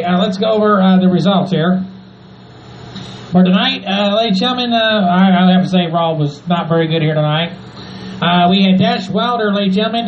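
A man hosting a casual wrestling recap podcast, saying "ladies and gentlemen" often, with many "uh" fillers. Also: high-pitched. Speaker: podcast host. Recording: echoey muffled room, faint noise.

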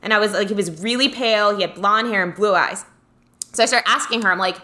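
Telling a story on a podcast she co-hosts, a woman chats casually and brings quoted people to life by acting out their voices. Her pitch is medium and her delivery fast.

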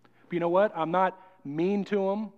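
A man's voice: high-pitched, fairly even intonation, normal speed, highs cut off. A male pastor preaching a sermon in a conversational, storytelling way.

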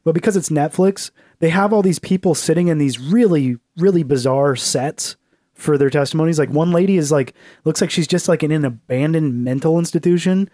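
A man's voice: on the high side, fairly quick, dark tone, no room sound, studio quality. A man co-hosting a casual comedic chat, loose and profane, with lots of fillers. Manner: loose and profane, full of fillers, slips into mocking voices. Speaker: podcast co-host.

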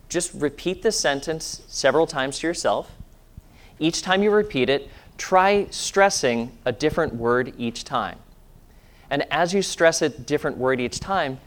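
A man, a pastor, giving a sermon in a church and leading a calm guided meditation in a soft, hushed voice. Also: fairly high pitch. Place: church sanctuary.

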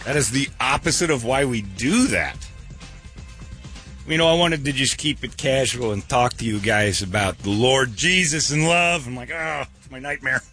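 A middle-aged male radio host telling a rambling story with plenty of self-mocking jokes. His voice sits at an ordinary middle pitch, close on a studio mic. A little music plays faintly behind him. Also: normal speed, fairly bright tone. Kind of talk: casual storytelling on morning radio.

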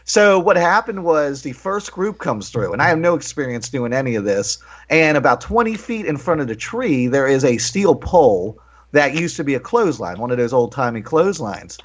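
A man co-hosting a casual talk show, spinning animated, profane stories and acting out what people said. His voice sits at an ordinary pitch. The recording is a bit dull and lo-fi. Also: moderate pace. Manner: animated, profane, acts out quotes loudly. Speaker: podcast co-host. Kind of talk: casual storytelling chat. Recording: dull lo-fi sound.

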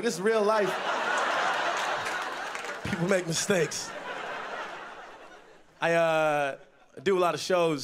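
Young male stand-up comic, high voice, animated storyteller, faint live-venue noise. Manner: animated storytelling, bursts into loud yelled impressions. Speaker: stand-up comedian. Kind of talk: stand-up set. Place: comedy festival stage.

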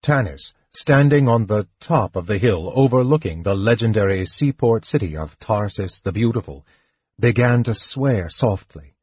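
Male audiobook narrator, low, husky, even fantasy reading. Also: moderate pace, dry recording. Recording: dull dry recording.

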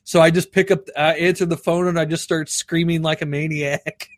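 A man's voice: fairly high pitch, little pitch movement, moderate pace, no room sound. Rambling, profane man chatting on stream. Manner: rambling, profane, laughs at own stories; acts out phone calls in raised voices. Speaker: streamer reading chat. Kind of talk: casual livestream chat.

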